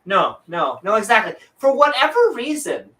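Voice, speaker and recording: A woman's voice: mid-range voice, very animated, normal speed, pushed and bright. A woman co-hosting a casual livestream chat, joking and rambling with chuckling asides. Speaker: co-host.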